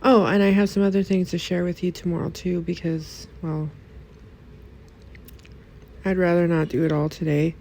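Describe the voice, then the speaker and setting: Woman, vlogger, casual storytelling, indignant, animated, lowish voice. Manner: indignant, animated retelling with quick asides.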